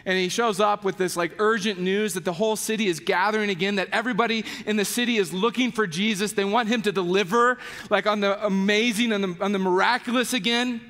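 Speaking quickly with few pauses, a high-voiced man preaches in a church sanctuary with the sound of a large hall. As pastor, he tells his stories casually, acting out the people in them through voiced quotes and leaning on many "like" fillers.

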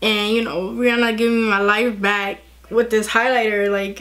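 Young woman, beauty vlogger, chatty, gushing, slightly high voice. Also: steady tone, unhurried, few pauses, fairly bright tone. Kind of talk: casual makeup tutorial chat.

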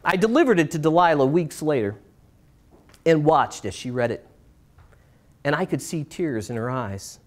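On a stage in a small performance space, a middle-aged man performs a personal story for a live audience in a slightly high, expressive voice. He shifts between brighter, lifted passages and quiet, slowed moments, leaning on dramatic pauses.

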